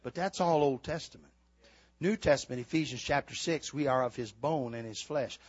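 An older man preaching a sermon, swinging from shouted exhortation to quiet, folksy storytelling. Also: mid-range voice, normal speed, breathy edge, muffled recording. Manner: fiery preaching, builds to shouts then drops to quiet storytelling.

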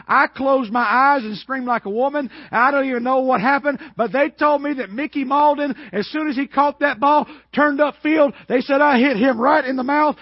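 Male preacher, high and husky, dry slightly muffled sound, animated sermon storytelling. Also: no echo. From Georgia, US. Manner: animated, building to shouted peaks. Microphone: worn microphone.

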